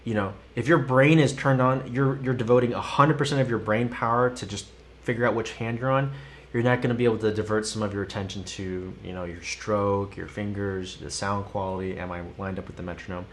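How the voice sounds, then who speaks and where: A man's voice: lowish voice, steady tone, brisk, a little hiss or hum. A man teaching a live-streamed drum lesson, chanting counts and stickings in a sing-song way between explanations. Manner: sings counts and sticking aloud while demonstrating. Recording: loud instrument and metronome behind.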